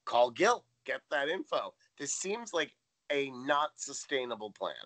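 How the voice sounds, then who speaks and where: A man with a mid-pitched, bright voice co-hosts a casual podcast. He recaps scenes with dry, wry commentary. He slips into short quoted lines along the way. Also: big pitch swings, unhurried. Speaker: podcast co-host.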